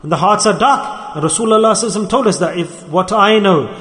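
A man's voice: sits high, very fast, fairly bright tone. A man giving an earnest sermon as a religious teacher, repeating and stressing key phrases. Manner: earnest, repetitive, emphatic phrasing. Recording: echoey hall.

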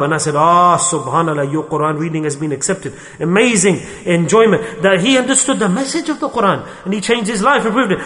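A man's voice: a little high, lively intonation, quick pace, hardly any pauses, fairly bright tone. A man delivering an earnest religious sermon, telling stories to make his points. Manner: earnest storytelling with frequent religious terms. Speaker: preacher. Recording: long hall reverb.

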